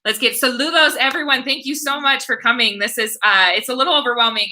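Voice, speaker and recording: A woman's voice: on the high side, quick pace, hardly any pauses, pushed and bright, rough recording. A woman from the United States hosting a casual livestream Q&A, chatty, thanking viewers and reading comments aloud.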